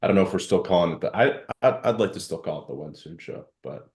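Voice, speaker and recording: A man's voice: deep voice, animated, fast, a little mellow. A man hosting a casual live audio chat and talking at length in loose, meandering explanations as a startup founder.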